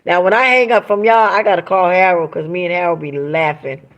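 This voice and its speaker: A woman hosting a casual live stream from home, reading viewer comments aloud and talking straight to her audience in an emphatic, animated way. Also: on the low side, brisk, highs cut off.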